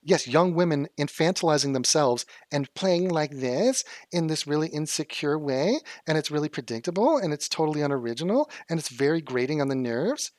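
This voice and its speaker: A sarcastic, profane man from Los Angeles reacting to video clips with mockery. His voice sits a little high for a man. The recording is close and dry, with no room sound. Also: lively intonation, brisk, hardly any pauses, no echo. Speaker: commentary youtuber. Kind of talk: reaction commentary.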